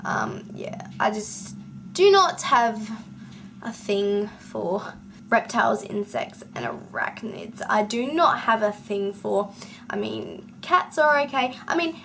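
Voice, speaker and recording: Slow-talking Australian woman with rising endings. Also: fairly high pitch, very animated, fairly bright tone, a little hiss or hum. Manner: chatty with frequent ums and rising ends of sentences. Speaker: vlogger. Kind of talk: casual chat to camera.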